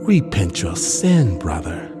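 A man voicing a stern male temple elder who speaks slowly and reproachfully. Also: low-pitched, sing-song, over music, exaggerated voice. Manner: slow, reproachful, hushed.

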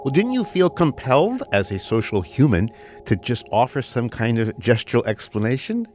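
A man's voice: medium pitch, sing-song, moderate pace, a little mellow. A male co-host asking teasing, incredulous questions during an interview. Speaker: radio show co-host. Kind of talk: playful interviewing.

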